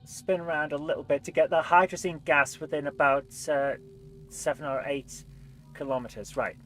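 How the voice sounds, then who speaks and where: A woman's voice: sits low, fairly even intonation, normal speed, soft background music. A woman streamer chatting casually over live gameplay while fighting a cold, reading game text aloud in playful voices. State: has a cold.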